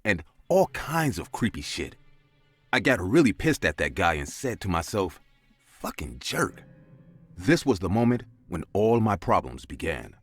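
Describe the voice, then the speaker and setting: Husky, deep-voiced male story narrator. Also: very animated, normal speed, soft background music. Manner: dramatic, with big swings of pitch.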